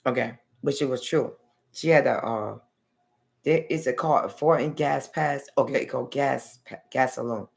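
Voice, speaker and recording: Gravelly woman vlogger rambling on, says okay and honey a lot, blunt. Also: very deep voice, normal speed. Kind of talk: rambling personal storytelling.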